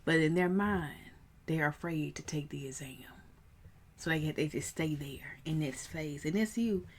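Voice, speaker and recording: A woman in her thirties, a coach, telling a personal story in a casual vlog, animated and prone to rising in excited bursts. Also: sits low, moderate pace. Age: 30s.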